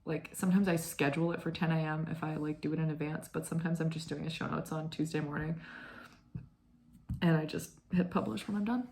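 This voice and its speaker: A woman's voice: sits low, steady tone, fairly quick, darkish tone, slight background noise. A woman in her twenties hosting a knitting vlog, chatting casually and rambling with lots of fillers and "like". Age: 20s. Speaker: knitting podcast host. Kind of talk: casual chat.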